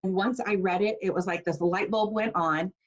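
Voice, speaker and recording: A woman's voice: medium pitch, fairly even intonation, normal speed, lo-fi sound. A woman in her forties teaching a casual online class, chatty and personal with plenty of fillers. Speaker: essential oils class teacher.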